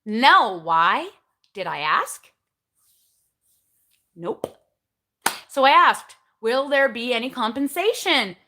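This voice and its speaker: A woman's voice: a little high, sing-song, takes it slowly, long pauses, pushed and bright. A woman in her forties hosting a casual live chat, candid and chatty, often asking herself questions and answering them, then giving step-by-step coaching advice. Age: 40s. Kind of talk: casual live-stream talk.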